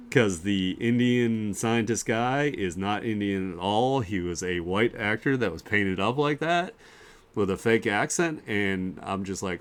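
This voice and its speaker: A man hosting a casual art share stream, talking through the artwork in a loose, rambling way. He fills his talk with "like" and "um" and chuckles often. His voice sits on the low side. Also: clean tone. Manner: laid-back and rambling, with many fillers and chuckles. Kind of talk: casual live-stream chat.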